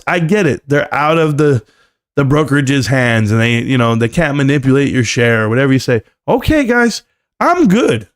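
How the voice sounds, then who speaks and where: A man hosting a live stream, standing at his desk, joking and rambling in casual chat and calling everyone "bro". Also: on the high side. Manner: standing at a desk while talking.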